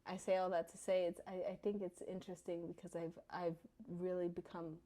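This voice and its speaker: Talkative woman in her thirties with a lowish voice, co-hosting a casual podcast. She talks in loose, easy chat, full of fillers and asides, and keeps the conversation rolling. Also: flat delivery, fairly quick, mellow. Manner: chatty, many fillers like "you know" and "like". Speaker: podcast co-host.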